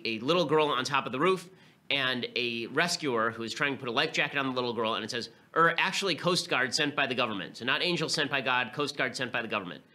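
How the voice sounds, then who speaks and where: Male podcast host, very sharp tense tone, fast and emphatic, openly scornful. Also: medium pitch. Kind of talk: political commentary monologue.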